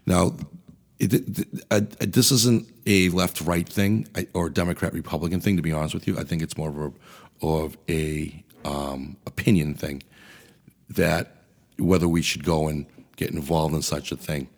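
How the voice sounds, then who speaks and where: Really deep raspy guy ranting on his podcast, swears a lot, blunt. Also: steady tone, normal speed, a little mellow. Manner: angry, profane, blunt. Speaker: podcast host. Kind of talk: ranting political commentary.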